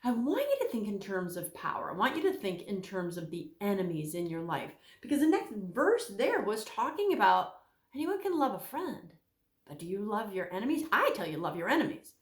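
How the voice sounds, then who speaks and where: A woman giving a casual Bible teaching talk, animated, acting out the voices she quotes. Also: mid-range voice, normal speed, reverberant.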